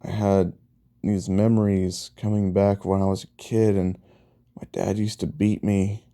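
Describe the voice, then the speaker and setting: Guy doing a confused hurt teen boy, halting, low dark voice. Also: little pitch movement.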